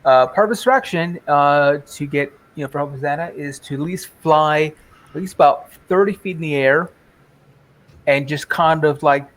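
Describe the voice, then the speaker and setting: A man's voice: on the high side, moderate pace. A man describing his character's actions in a tabletop game, hesitant and full of fillers. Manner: hesitant, many fillers and restarts. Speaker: player.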